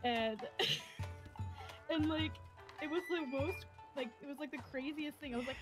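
A woman's voice: sits high, measured pace, long pauses. Chatty young woman, game music behind. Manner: animated, rambling, laughs often. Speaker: co-op gaming stream guest. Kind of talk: casual storytelling while gaming.

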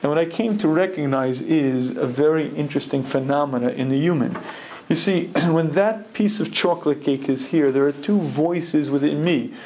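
A man teaching a humorous Torah lecture, telling stories with jokes and clearing his throat often. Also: fairly high pitch, normal speed, a little mellow, poor audio.

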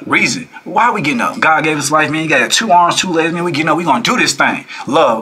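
A man hosting a reaction video, talking casually and preachily to his viewers, animated, repeating phrases and firing rhetorical questions. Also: on the high side, fast, few pauses, breathy edge.

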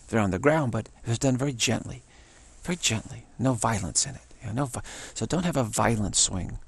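A man talking in a loose, rambling monologue, repeating himself and restarting words, getting animated when excited. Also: medium pitch, normal speed, breathy edge.

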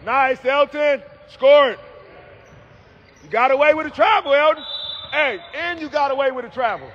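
Man, very high voice, youth basketball coach, loud repeated sideline calls, gym. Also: normal speed, lo-fi sound. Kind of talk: courtside coaching shouts.

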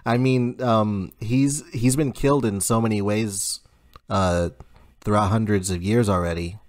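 A man co-hosting a podcast, talking in a halting way with many pauses and fillers. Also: lowish voice, steady tone, no room sound. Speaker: podcast co-host. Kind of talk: casual chat.

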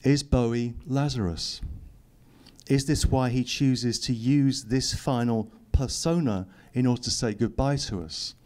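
A man's voice: medium pitch, unhurried, darkish tone. A middle-aged man, reading his own book aloud to an audience and adding dry, teasing asides. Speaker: author giving a public reading. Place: lecture hall.

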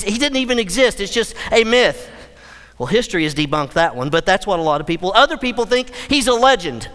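A male pastor preaching a sermon, emphatic, with dramatic slowdowns and playful acted-out quotes. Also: high-pitched, fairly bright tone, long reverb tail. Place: church sanctuary.

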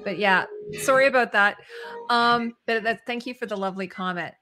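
Bright-voiced woman hosting a livestream. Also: on the high side, normal speed, soft background music. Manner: chatty, many fillers, reads viewer comments aloud. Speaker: host. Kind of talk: casual livestream chat.

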